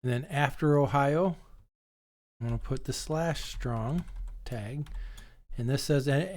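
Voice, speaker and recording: A man's voice: medium pitch, darkish tone. A male teacher walking through a screen-recorded coding tutorial, explaining step by step in a plain, patient way with some ums.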